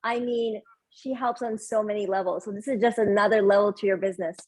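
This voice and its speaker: A woman's voice: mid-range voice, steady tone, fairly quick, a little mellow, rough recording. A woman on a video call enthusiastically praising a friend's good work. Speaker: call participant.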